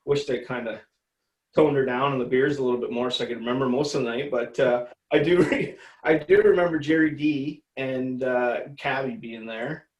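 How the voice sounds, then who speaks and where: A man's voice: mid-range voice, normal speed, roomy sound, poor audio. A man telling a story as an interview guest, casual and profane, rambling and laughing as he goes.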